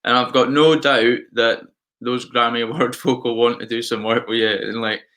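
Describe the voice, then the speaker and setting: A man's voice: mid-range voice, little pitch movement, normal speed, bright, forceful tone. A man hosting a casual podcast interview, encouraging and upbeat as he talks with his guest. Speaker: podcast host.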